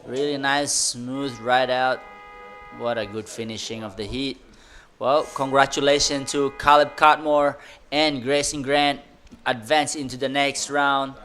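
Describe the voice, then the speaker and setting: Excitable male surf commentator. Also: mid-range voice, unhurried, soft background music. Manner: excitable, loose grammar, chatty asides. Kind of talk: live sports commentary.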